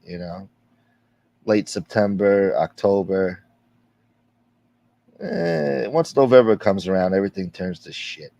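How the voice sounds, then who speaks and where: A man with a fairly low-pitched, creaky voice and a dark tone hosts a casual livestream. He reads viewer comments aloud, rambling, sarcastic, and heavily profane.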